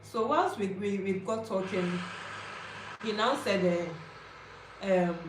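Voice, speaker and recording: A woman's voice: mid-range voice, slow pace, pauses often, slight background noise. A young woman in her twenties with a Ghanaian English accent, telling her personal story to camera in a confiding, chatty way and checking in with her viewers. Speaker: vlogger. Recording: roomy echo, faint ambience.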